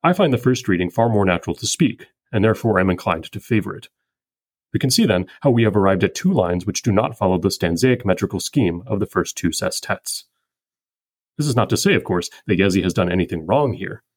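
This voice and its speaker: A man hosting a podcast who reads a scripted poetry analysis in a measured, methodical way. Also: sits low, slightly rough, no room sound. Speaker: podcast host.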